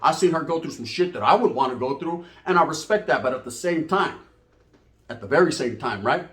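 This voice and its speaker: A man's voice: on the high side, animated, brisk, a bit bright, reverberant. A man telling a profane comic story in a rambling, casual way, switching into voices for the people in it.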